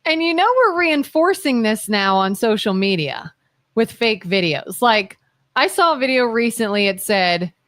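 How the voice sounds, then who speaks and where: A woman's voice: a little high, normal speed. Chatty woman talk show co-host. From Ohio. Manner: animated storytelling, quotes others in voices. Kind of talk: casual talk radio chat.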